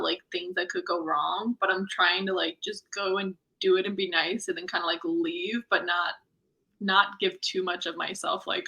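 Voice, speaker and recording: Bright-voiced folksy Midwestern woman. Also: on the low side, low-quality recording. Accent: folksy Midwestern American. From Missouri. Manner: laughs often, self-deprecating. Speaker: stand-up comedian guest. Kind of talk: casual chat.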